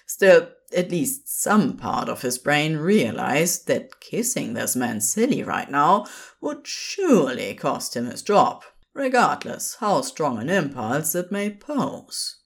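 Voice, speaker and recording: A woman narrating a story in an expressive, unhurried storybook manner. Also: low-pitched, creaky, husky. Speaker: podfic reader.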